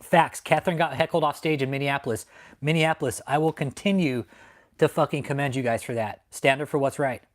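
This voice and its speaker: A man's voice: mid-range voice, fairly quick. Angry profane man ranting live. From Texas. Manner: heated, profane, repetitive. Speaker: channel host. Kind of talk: angry livestream rant. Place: home in San Antonio.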